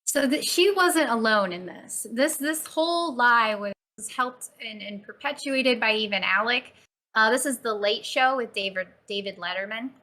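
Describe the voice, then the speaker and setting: A woman's voice: on the high side, normal speed, sharp tone. A woman co-hosting a podcast, talking in casual chat and thinking aloud as she goes. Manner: conversational, hedging, thinks aloud. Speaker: podcast co-host.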